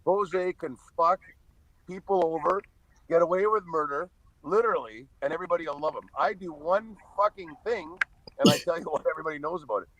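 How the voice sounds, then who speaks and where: A man's voice: fairly high pitch, a little fast, a bit bright, highs cut off. A middle-aged man tells stories as a podcast guest, blunt and profane, often laughing. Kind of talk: casual storytelling.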